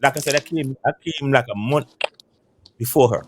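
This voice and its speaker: A man in his fifties from an island, telling stories in casual chat in a barbershop. He talks in an animated way, swears, and often repeats and restarts his words. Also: medium pitch, normal speed, a little hiss or hum. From Caribbean island. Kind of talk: casual storytelling.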